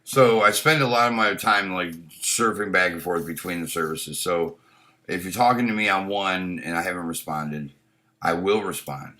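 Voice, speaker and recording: A man hosting a casual live stream speaks at a moderate pace in a low, sharp-toned voice. He reads chat comments aloud, swears heavily, and gives blunt opinions, often restarting mid-thought.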